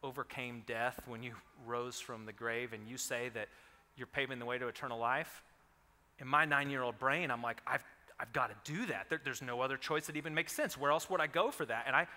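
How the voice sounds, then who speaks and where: A man in his thirties preaching a sermon, telling stories with animated energy and rising loud on quoted lines. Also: medium pitch, a little fast, long reverb tail. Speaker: pastor.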